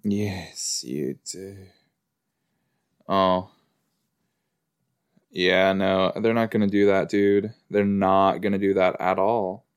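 A man gives casual watch-along reactions, exclaiming and firing questions at what he sees. His voice sits fairly low and he talks at a slow, unhurried pace. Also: level tone, clean tone. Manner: chatty, exclaiming and asking questions at the screen. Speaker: reaction video host.

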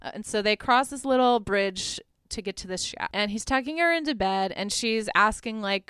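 Chatty woman podcast host, smooth voice. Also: medium pitch, normal speed, a bit bright, no echo, studio quality. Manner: chatty, laughs often, heavy "like" fillers, casual swearing. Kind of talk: casual movie recap.

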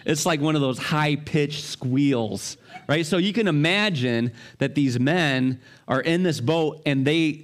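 A man's voice: fairly high pitch, takes it slowly. A middle-aged male pastor giving a sermon in a conversational way, full of rhetorical questions and family stories.

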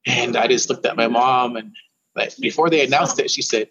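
A man's voice: medium pitch, moderate pace, crowd noise. Rambling man, slightly muffled. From Warm Springs, Oregon. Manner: rambling, repeats and restarts words, says "bro" often. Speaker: guest musician. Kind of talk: casual storytelling interview.

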